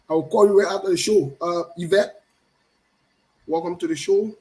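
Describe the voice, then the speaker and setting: A man's voice: fairly high pitch, fairly even intonation, normal speed, long pauses, a little mellow, low-quality recording. A middle-aged man hosts a casual live stream, greeting viewers by name in a playful, teasing way and repeating his phrases. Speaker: show host.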